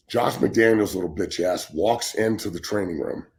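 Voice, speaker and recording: A man's voice: deep voice, slow. Blunt, profane man ranting on a talk show. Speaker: podcast co-host, former pro football player. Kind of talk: heated casual talk show rant.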